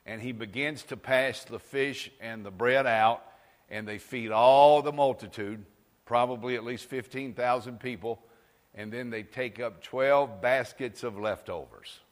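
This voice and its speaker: Preacher, man, folksy sermon storyteller, mid-pitched, recorded with long hall reverb. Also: unhurried. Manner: folksy storytelling, asks the crowd for amens.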